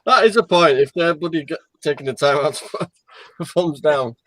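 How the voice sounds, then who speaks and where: A man's voice: a little high, moderate pace, a bit bright, no echo. A man from England, a guest on a live stream, who chats in cheeky banter and laughs at his own jokes. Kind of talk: casual live-stream chat.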